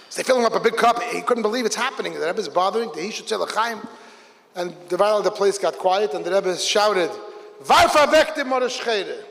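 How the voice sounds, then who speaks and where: High-voiced rabbi telling a story in a hall. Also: male voice, vocal fry. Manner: animated, voices characters in the story. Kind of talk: storytelling talk at a Hasidic gathering. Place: large hall with a gathered audience. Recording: long hall reverb.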